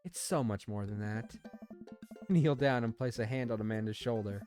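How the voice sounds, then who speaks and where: A man's voice: fairly low pitch, moderate pace, darkish tone, faint music behind. A man playing a dating game, casually commenting and reading the lines aloud in a playful, jokey way. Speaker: let's play host.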